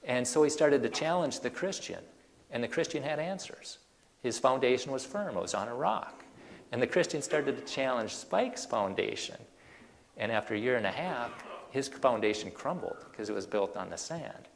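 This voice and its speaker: A man giving an animated presentation to an audience, firing off rhetorical questions with casual fillers. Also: medium pitch, moderate pace, gravelly, big-room sound, slight background noise. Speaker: creationist speaker.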